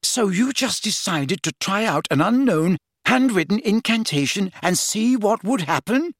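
A man's voice: high-pitched, expressive, unhurried, a bit bright, no echo, clean studio sound, pitched above the performer's own voice, heavily acted. A man voicing a clever, disapproving teenage schoolgirl witch in an audiobook, reproachful and stern.

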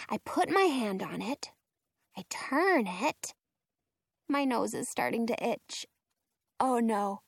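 A woman narrating a children's storybook in first person, in an expressive, playful way. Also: fairly high pitch, slow, vocal fry, long pauses, dry recording, studio quality. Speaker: audiobook reader.

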